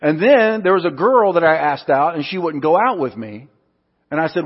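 A man's voice: fairly high pitch, expressive, moderate pace, husky. A male pastor preaching a sermon, telling stories with acted-out quotes. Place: church hall. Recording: muffled sound in a reverberant hall.

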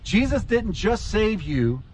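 A man's voice: slow pace, slight background noise, rough recording. A man preaching a sermon, telling a childhood story and acting out the scenes with sudden jumps in his voice. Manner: animated storyteller, acts out scenes with big pitch jumps. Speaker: pastor.

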